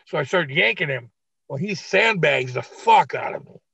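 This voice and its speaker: A middle-aged man, a retired wrestler, telling a story in a blunt, profane, animated way on an interview podcast. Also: on the high side, normal speed, creaky, slightly rough, no room sound. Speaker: retired pro wrestler guest. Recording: dull, dry lo-fi recording.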